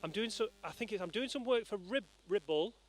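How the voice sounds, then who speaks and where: A man's voice: sits high, lively intonation, fairly quick. A cheeky, joking man presenting a vlog outdoors by a race course with a handheld mic, bantering with passers-by. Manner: cheeky, playful, banters and shouts to passing riders. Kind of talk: joking roadside vlog commentary. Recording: faint outdoor street noise.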